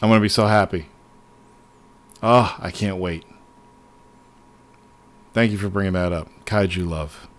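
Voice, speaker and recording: A man hosting a casual livestream, talking excitedly and swearing often as he rambles to his viewers. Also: low-pitched, a little slow, pauses often. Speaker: livestream host.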